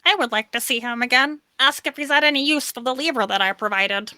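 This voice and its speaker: A woman's voice: high-pitched, brisk, sharp tone, no room sound. A woman voicing a prim, formal alien visitor in a tabletop game, proper and easily shocked.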